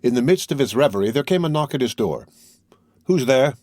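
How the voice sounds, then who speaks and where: A man narrates a classic novel in a measured, even reading voice. His pitch sits in the middle range. The recording is dry and close, with no room sound around him. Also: dry recording. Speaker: audiobook reader. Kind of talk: scripted narration.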